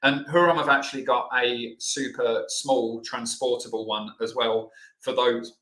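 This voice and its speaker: Chatty man, bright echoey sound. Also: mid-range voice, fairly even intonation, measured pace. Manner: chatty, loose, many fillers. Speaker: health educator host. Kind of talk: live online Q&A lesson.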